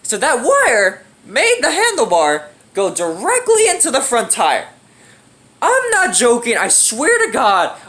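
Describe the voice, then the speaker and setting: A man's voice: extremely high pitch, huge pitch swings, takes it slowly, a bit bright. A young man telling a funny story in a casual, slangy, profane way, often laughing. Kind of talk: casual anecdote.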